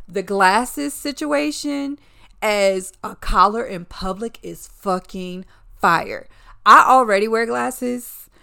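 A woman's voice: mid-range voice, fairly bright tone. A woman recapping a film in a casual, candid and profane chatty way.

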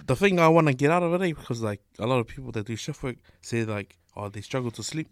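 A man's voice: medium pitch, fast talker, dry recording. Laid-back New man, dry sound. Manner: laid-back slangy banter. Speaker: podcast co-host. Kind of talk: casual chat.

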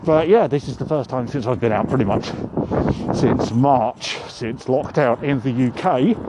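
A man hosting a podcast, talking casually to his listeners while walking outdoors, his voice muffled by a face mask. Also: mid-range voice. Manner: chatty, addresses listeners directly. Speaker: podcast host. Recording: wind noise outdoors. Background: wind and urban street ambience.

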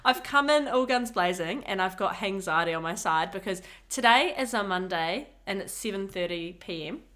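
A woman's voice: medium pitch, animated, moderate pace, fairly bright tone. A woman, co-hosting a casual podcast chat in a studio, giggly and self-mocking. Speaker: podcast co-host.

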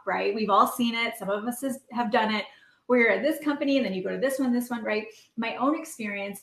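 Speaking with vocal fry in a mid-range voice, this woman in her thirties is a podcast host and coach delivering an earnest, emotional motivational talk full of fillers. Her recording sounds roomy and echoey.

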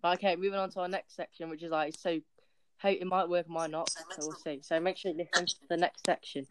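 A man's voice: on the high side, level tone, fast, background noise. A man hosting a casual podcast in a chatty, loose way. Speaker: host.

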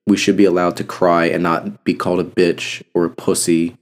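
On his solo podcast, a young male host speaks at a normal speed in a deep voice with little pitch movement. The casual talk comes out blunt and passionate, and he curses heavily.

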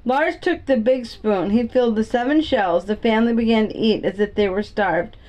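A woman reading a children's chapter book aloud in a slightly high voice. She reads at a steady pace, sometimes stumbling and correcting a word. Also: moderate pace, rough recording. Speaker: reader.

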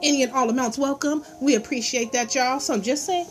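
A woman's voice: high voice, brisk, faint music behind. A woman co-hosting a podcast in casual chat, playful and slangy, laughing often. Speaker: podcast co-host.

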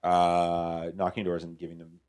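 A man's voice: deep voice, completely flat delivery, measured pace, a little mellow. A man from Canada who writes for comedy shows, telling rambling stories in casual podcast chat, swearing freely. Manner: rambling, swears freely, quotes people in voices.

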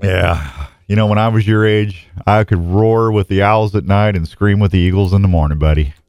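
A man's voice: lowish voice, moderate pace, a little mellow, dry recording, clean studio sound. A middle-aged man hosting a casual morning radio show, rambling and self-mocking with lots of restarts and jokes. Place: radio station studio.

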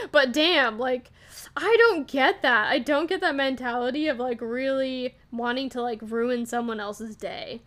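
A woman's voice: high-pitched, moderate pace. A young woman hosting a podcast, talking casually and venting about online comments, with frequent laughs. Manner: animated, venting, laughs often. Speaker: podcast host. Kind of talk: casual solo podcast talk.

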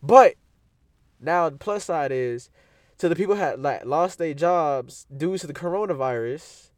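A man's voice: fairly high pitch, animated, unhurried, dry recording, studio quality. Profane young man telling stories. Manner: slangy, profane, storytelling. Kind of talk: casual chat.

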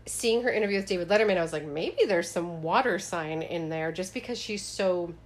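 A woman's voice: lowish voice, a little fast. A woman co-hosting a podcast in casual chat, talking emphatically and swearing freely. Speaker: podcast co-host.

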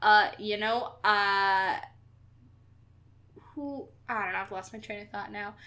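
A woman co-hosting a casual chat, animated and opinionated, swearing now and then. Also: mid-range voice, slow pace. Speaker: podcast co-host.

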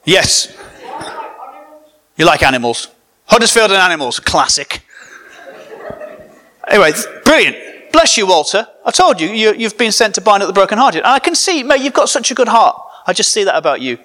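A man who is a comedian giving a funny sermon to a live audience, animated and joking with the crowd. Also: high voice, normal speed, long pauses. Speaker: comedian preaching.

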